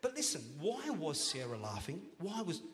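A man preaching a sermon as pastor, playful and joking, then rising to loud, emphatic calls to the congregation. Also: fairly high pitch, huge pitch swings, normal speed. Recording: long church hall reverb.

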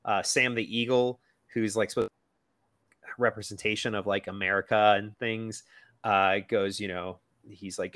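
Low-voiced guy rambling casually about a movie, lots of ums and likes, dry close mic. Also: little pitch movement, measured pace, fairly bright tone, no room sound. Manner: chatty, lots of fillers, quotes characters in a silly voice. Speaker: podcast co-host.

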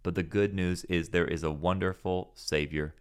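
A man's voice: deep voice, fairly even intonation, normal speed, clean tone. A man teaching a Bible passage on a podcast in an earnest, preaching manner, asking rhetorical questions and answering them.

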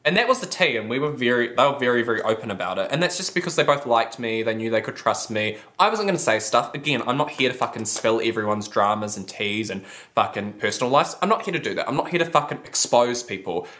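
A young woman hosting a podcast, chatty and unfiltered, with plenty of swearing. Her pitch leaps around as she tells her stories, and she often climbs high when she gets excited. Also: quick pace. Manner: candid, swears a lot, animated storytelling. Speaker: podcast host. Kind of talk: casual chat.

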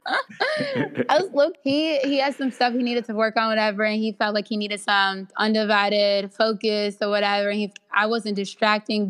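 A young adult woman, a guest actress, chatting candidly in an interview, swearing freely and acting out the messages people send her. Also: mid-range voice. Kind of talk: casual interview chat.

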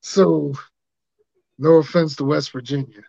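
A man with a gravelly, fairly high voice tells laid-back stories in casual podcast banter. His audio is dull and lo-fi, dry with no room sound. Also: fairly even intonation, unhurried, warm tone, dry recording. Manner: laid-back storyteller, profane. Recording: dull lo-fi mic.

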